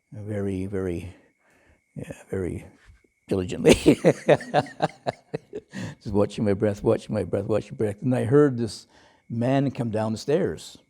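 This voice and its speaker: A man who is a Buddhist monk, giving a relaxed dharma talk and telling stories with frequent chuckles and fillers. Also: on the low side. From Western, lived in Thailand as a layman. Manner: relaxed storytelling, chuckles often, many fillers.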